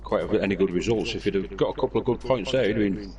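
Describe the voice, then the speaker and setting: A man's voice: on the low side, quick pace, a little mellow, far from the mic, dull audio, soft background music. A man co-commentating an online sim race, laid-back and candid in his opinions.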